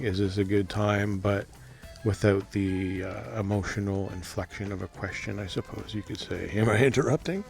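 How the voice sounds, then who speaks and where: A man talking casually about his dreams, hesitant and rambling, with soft laughs. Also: on the low side. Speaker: dream vlogger. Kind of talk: casual monologue to camera.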